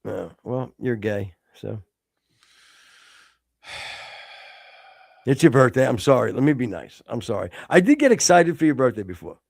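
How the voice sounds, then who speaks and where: A man's voice: medium pitch, sing-song, unhurried, gravelly, pauses often, a little mellow, dry recording, studio quality. A man in his fifties, co-hosting a podcast with crude, teasing banter and heavy swearing. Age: 50s. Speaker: podcast co-host.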